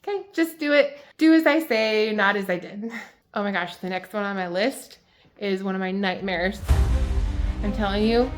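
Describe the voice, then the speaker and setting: A woman who owns a small business, chatting to camera in a lively, emphatic, exasperated way as she shares advice from her mistakes. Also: mid-range voice, normal speed, soft background music. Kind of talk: casual advice vlog.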